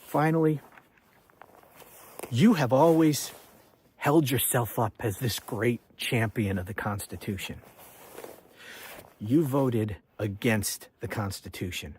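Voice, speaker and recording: A man's voice: medium pitch, takes it slowly, long pauses, darkish tone, a little hiss or hum. A man, a political commentator, delivering an angry, accusatory rant with repeated refrains.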